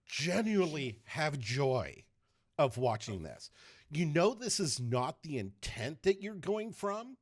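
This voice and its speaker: Slow-talking male game master. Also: a little high. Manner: animated storytelling, loose restarts. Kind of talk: narrating a tabletop game.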